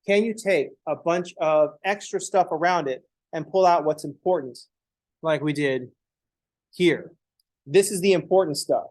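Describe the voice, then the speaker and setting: A man's voice: on the high side, a little slow, a little mellow, rough recording. A man teaching math in a casual recorded lecture, joking and swearing freely.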